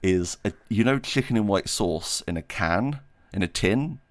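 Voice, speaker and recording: Lively low-voiced man streaming. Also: measured pace, dry recording. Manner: rambling, self-deprecating, laughs often; reads chat questions aloud while playing. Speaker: streamer answering viewer questions. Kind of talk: casual livestream chat.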